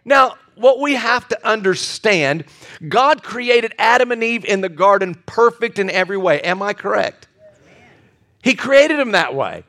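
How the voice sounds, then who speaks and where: A man's voice: extremely high pitch, fairly bright tone. A middle-aged male pastor preaching a sermon, impassioned, often restarting and repeating words and asking the congregation questions.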